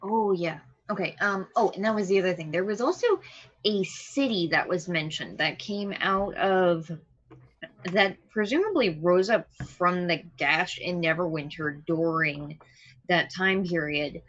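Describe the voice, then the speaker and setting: A woman playing a tabletop game over a call, talking casually and pausing often to search for words. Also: on the low side, a bit bright, dull audio. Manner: hesitant, searching for words with many ums. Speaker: player.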